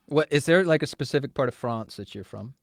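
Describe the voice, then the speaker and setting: A man's voice: mid-range voice, lively intonation, vocal fry, dry recording. Chatty podcast host man, dry studio. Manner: chatty, laughs often, quick follow-up questions. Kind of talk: casual interview chat.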